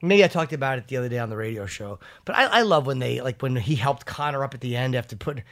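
A man's voice: mid-range voice, expressive, quick pace, fairly bright tone. A man hosting a casual talk show who rambles, swears freely and often restarts his sentences, also reading a sponsor ad. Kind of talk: casual chat and live ad read.

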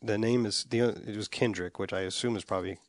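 A man's voice: lowish voice, steady tone, fast talker, no echo, studio quality. A middle-aged man co-hosting a sports podcast, reading listener emails and teasing his partner. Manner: reads listener emails aloud, wry teasing. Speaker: podcast co-host. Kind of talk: casual sports podcast chat. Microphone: studio mic with cough button.

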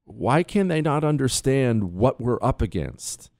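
Combative talk radio host with swinging pitch. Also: male voice, big pitch swings, measured pace, no room sound, clean studio sound. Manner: combative, emphatic, swings between loud outbursts and low asides. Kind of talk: opinionated talk radio monologue.

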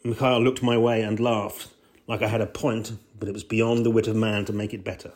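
A man's voice: on the low side, little pitch movement, a little fast. A man reading his own first-person travel essay aloud in a dry, understated way. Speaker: essay reader.

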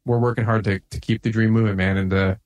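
A man's voice: on the low side, flat delivery, fast. Fired-up man talking shop, full of "like". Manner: intense, fired-up, peppered with "like" and "man". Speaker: podcast guest, lawn care business owner. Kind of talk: casual podcast conversation.

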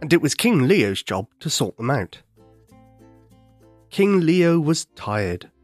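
Man, storyteller, children's story, very lively pitch, dry close mic, soft music behind. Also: slow, no room sound. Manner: gentle, expressive.

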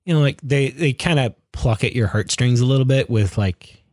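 A man's voice: medium pitch, moderate pace, a little mellow, no echo, clean studio sound. A young man chatting casually as a podcast co-host, rambling with lots of fillers and restarts. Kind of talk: casual chat.

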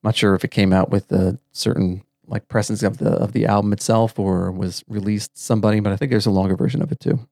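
A man's voice: on the low side, fairly even intonation, fast talker, creaky, few pauses, warm tone, dry recording, clean studio sound. A man co-hosting a podcast, chatting in an easygoing, rambling way over a video call. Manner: easygoing, rambling, many fillers. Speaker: podcast co-host. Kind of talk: casual podcast chat.

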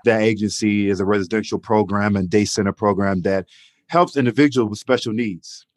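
A man co-hosting a podcast in an easy, heartfelt way, often tossing in "you know" and "man". His voice sits on the lower side. The sound is dry and close. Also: a little fast, no echo. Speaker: podcast co-host. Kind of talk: casual podcast chat.

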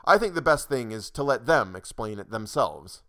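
A man's voice: medium pitch, very animated, moderate pace, sharp tone. Man doing a fatherly boss, effusive, repetitive, storybook reading. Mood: soothing. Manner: effusive, apologetic, repeats himself. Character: fussy fatherly older male boss.

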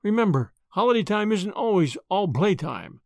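A man reading the part of a grave, kindly older lawyer who speaks in a measured way. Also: high voice, big pitch swings, vocal fry, a little mellow, no room sound, studio quality, full character voice. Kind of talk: audiobook character reading.

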